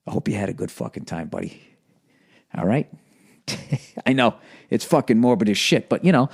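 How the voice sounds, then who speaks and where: A man in his forties from the United States rants through a comedy podcast monologue. He swears constantly, mocks himself and keeps the delivery animated, at a middle pitch for a man. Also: moderate pace, vocal fry, pauses often, slightly rough. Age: 40s. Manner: profane, animated ranting, self-mocking. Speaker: podcast host.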